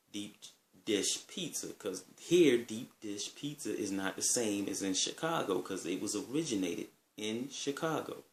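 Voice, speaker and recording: A man's voice: on the low side, fairly bright tone, reverberant. A man casually telling stories in a laid-back, rambling way, swearing freely. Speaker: vlogger. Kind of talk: casual storytelling.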